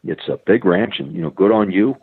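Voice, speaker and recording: A man's voice: low-pitched, fairly quick, breathy edge, no room sound. A middle-aged American man telling a long story as an interview guest, often repeating his words. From United States. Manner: repeats words often, acts out quoted voices. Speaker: guest, conservation biologist. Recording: phone-like narrow band, dry.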